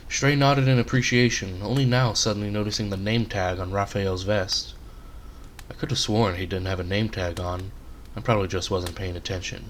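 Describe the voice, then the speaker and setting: A man reading aloud his own short story, in a relaxed, conversational storytelling manner. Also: fairly low pitch, normal speed, a little hiss or hum.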